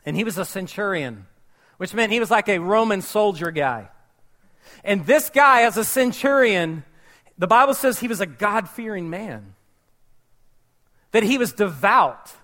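A man with a high voice preaches to his congregation. He tells the story with lively, animated storytelling and slips into the voices of its characters. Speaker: pastor. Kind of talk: sermon.

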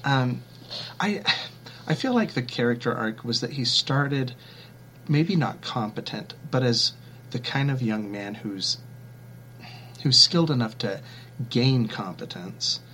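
A man hosting a relaxed book talk, full of restarts and fillers. His voice sits in a middle range, and a faint hum runs under the recording. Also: mid-range voice, unhurried. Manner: chatty, many restarts and fillers, self-deprecating. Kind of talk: casual book discussion.

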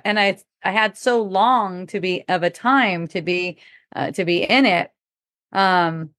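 Middle-aged woman, low voice, casual storytelling, laughs often, dry close sound. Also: no room sound. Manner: relaxed, laughing often, acting out quoted talk. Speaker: podcast speaker.

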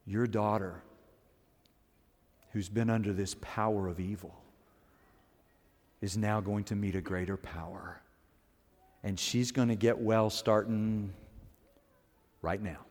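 A man doing a hushed, gentle teacher. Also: fairly even intonation, in a large hall. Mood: tender. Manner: quiet and low, slow.

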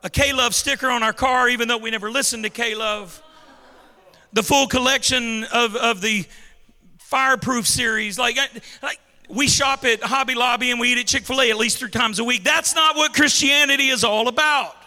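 Man, pastor, call-and-response sermon, very high voice, long hall reverb. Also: steady tone, moderate pace, sharp tone. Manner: emphatic call-and-response preaching. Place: large church hall.

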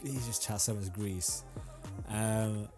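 A relaxed young man chatting on his own podcast, voice sitting on the low side. He rambles loosely, dropping slang and filler words as he goes. Faint music plays underneath. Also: slow. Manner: laid-back, rambling, frequent ums and slang. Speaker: podcast host. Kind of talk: casual solo podcast chat.

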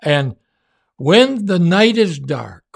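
Slow gravelly-voiced man preaching. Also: sits high, big pitch swings. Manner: earnest, emphatic preaching with drawn-out pauses. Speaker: faith teacher. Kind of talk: sermon-style teaching.

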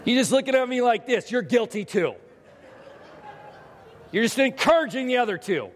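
A man preaching a sermon as pastor, telling a parenting story and acting out the scenes with lively energy. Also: extremely high pitch, normal speed. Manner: animated storytelling, acts out scenes. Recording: hall reverb.

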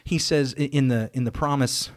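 An earnest man at a middle pitch co-hosts a Bible study podcast. He reads scripture aloud and then talks it through casually, restarting his sentences as he thinks. His voice sits close to the mic in a dry room. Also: fairly even intonation, normal speed, no room sound. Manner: earnest, restarts and self-corrections while discussing. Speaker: podcast co-host.

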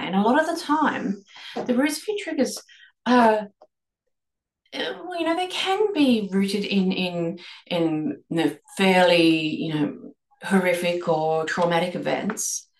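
A woman hosting a reflective podcast, leading listeners through a string of gentle questions. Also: mid-range voice, animated, unhurried. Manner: asks many guiding questions, gentle restarts. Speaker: podcast host and eating coach. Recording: echoey room.

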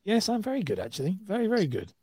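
A man's voice: high-pitched, huge pitch swings, quick pace, mellow, breathy edge, no room sound, studio quality. A man co-hosting a podcast, chatting casually and teasing his co-host with playful banter. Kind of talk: casual chat.

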